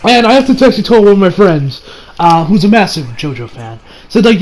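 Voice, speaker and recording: A man with a fairly high voice talks through an anime episode in a loose, casual review. He gushes and rambles, piling on fillers as he goes. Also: expressive, fast, a little mellow. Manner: gushing, rambling with many fillers.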